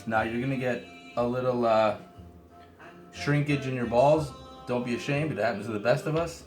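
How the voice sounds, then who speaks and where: A man hosting a casual home cooking demonstration, chatting with joking asides while gently scolding a child who is helping. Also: mid-range voice, fast talker, roomy sound, soft background music. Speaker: home cooking show host. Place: home kitchen.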